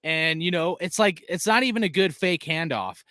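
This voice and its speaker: A man with a bright, crisp voice runs a casual live stream, talking quickly and loosely. He jokes at his own expense. The sound is dry and close-miked. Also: a little high, dry recording. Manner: fast, loose, self-deprecating. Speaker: host reading chat shout-outs.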